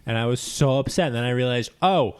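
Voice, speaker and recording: A man's voice: quick pace, smooth. A man co-hosting a podcast, recapping a film with jokes and playful asides. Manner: joking, wide swings in pitch, mock-solemn asides. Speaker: podcast co-host. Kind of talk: casual chat recapping a film.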